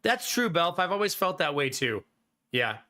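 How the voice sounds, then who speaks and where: A man in his thirties, slightly hoarse, chatting casually on a live stream and answering viewers by name. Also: fairly high pitch, very animated, moderate pace, bright, forceful tone. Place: home streaming room.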